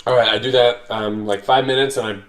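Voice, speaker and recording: A man's voice: medium pitch, steady tone, a little fast, fairly bright tone, recorded from a distance. A man playing a tabletop game, speaking hesitantly with many fillers, recorded in an echoey room away from the mic. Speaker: player.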